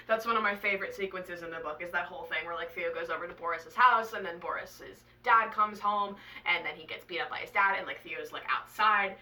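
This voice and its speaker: A young woman talking casually to camera as a vlogger, chatty and excitable, with lots of "like"s and swearing. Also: on the low side, fairly quick, hardly any pauses, far from the mic, poor audio. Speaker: author and book vlogger.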